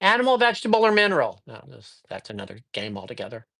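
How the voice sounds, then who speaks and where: A man's voice: mid-range voice, fast talker, vocal fry. Chatty man telling stories on a live stream. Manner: lively storyteller who acts out dialogue. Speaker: live-stream host and psychic reader. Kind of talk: casual live-stream chat and storytelling.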